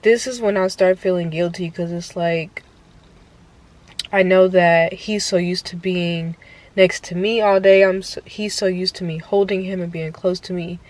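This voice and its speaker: Young mom vlogger, casual and talky, lowish voice, phone mic. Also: female voice, poor audio. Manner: chatty, peppered with "like" and "y'all". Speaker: vlogger and mother. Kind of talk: casual vlog chat.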